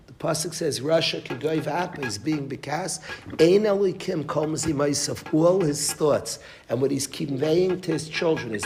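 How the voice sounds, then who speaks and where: A man's voice: fairly high pitch, normal speed, slight background noise. A man giving a Torah class as a rabbi, emphatic, repeating phrases and restarting mid-sentence, with Yiddish and Hebrew terms.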